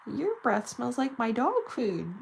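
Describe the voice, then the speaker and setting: A woman voicing her pet dog in a high, delighted squeal. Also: wildly swooping pitch, slow, gravelly, slight background noise, exaggerated voice. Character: excitable pet dog talking to her owner.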